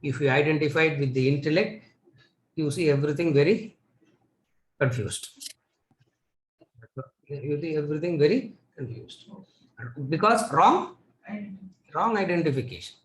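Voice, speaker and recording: A man's voice: fairly high pitch, moderate pace, reverberant, slight background noise, rough recording. A man with a Tamil-influenced Indian English accent gives a spiritual lecture. He repeats his key lines and asks the listeners rhetorical questions. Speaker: Vedanta teacher.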